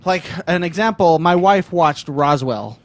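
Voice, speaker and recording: A man with a fairly high, lively voice that swings around a lot. He co-hosts a casual gaming podcast, joking and laughing easily. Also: measured pace. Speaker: podcast co-host. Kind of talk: casual chat.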